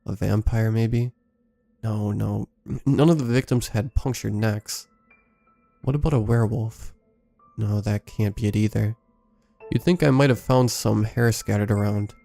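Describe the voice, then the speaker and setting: Low gravelly male horror narrator. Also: steady tone, a little slow, dark tone, dry recording, soft background music. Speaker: storyteller. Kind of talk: scripted horror story narration.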